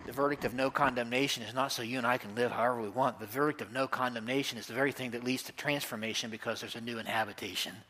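A man preaching a sermon to a congregation, emphatic, swinging between loud cries and hushed intensity. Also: mid-range voice, fairly even intonation, fast, hardly any pauses. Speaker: pastor.

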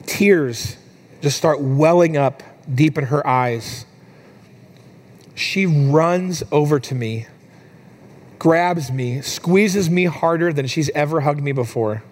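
A man's voice: slow pace, pauses often. Conversational man preaching a sermon. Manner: conversational storytelling with fillers, rising higher and softer in emotional moments. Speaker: pastor.

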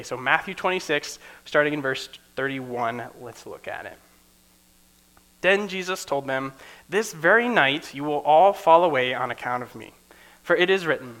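A young man preaching in a relaxed, conversational way, often checking in with "right?" and acting out the people he quotes. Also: medium pitch. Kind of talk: casual teaching sermon.

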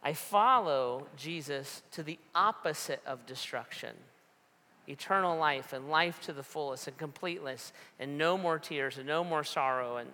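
A male pastor preaches in a lively conversational way, telling stories and pressing his point with repeated rhetorical questions. His voice sits fairly high and sounds bright and forceful. It echoes with the long reverb of a large hall. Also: moderate pace. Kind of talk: sermon.

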